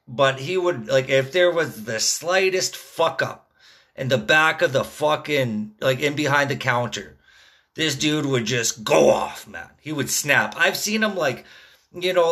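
A man's voice: medium pitch, sharp tone. A young man hosting a podcast, telling rambling, profane stories in a casual monologue, full of "dude" and "man". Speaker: podcast host; construction worker.

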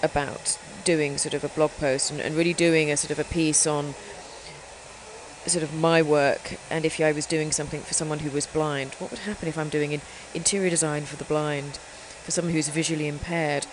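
An English woman hosting a chat show, her voice sitting low. She rambles casually, circling her points with plenty of "sort of" and "um." There's a faint hum of background noise. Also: flat delivery, moderate pace. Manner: rambling, many fillers and hedges. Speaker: host.

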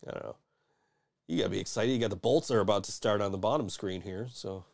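A man's voice: on the low side, fast talker, gravelly, a little mellow. A man hosting a podcast in casual chat, swearing freely and rambling with many restarts. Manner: profane, rambling, frequent restarts and laughs. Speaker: podcast host.

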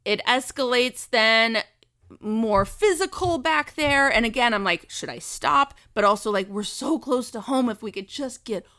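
A woman in her thirties telling a family story in casual chat, animated and swearing freely as she acts out quotes. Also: a little high, moderate pace.

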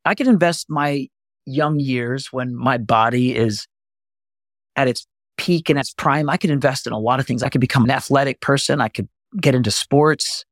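A man's voice: medium pitch, normal speed, no echo, studio quality. A man teaching as a voice coach, explaining things earnestly and step by step. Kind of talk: instructional talk to camera.

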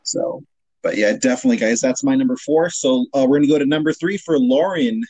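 A man chatting casually on a podcast about a film moment that shocked him. He tells it with animation and acts out the characters' lines. His voice is mid-pitched and dry, close to the mic. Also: fairly quick, dry recording, poor audio. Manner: animated storytelling, acts out quotes. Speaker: podcast co-host. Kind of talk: casual movie chat.

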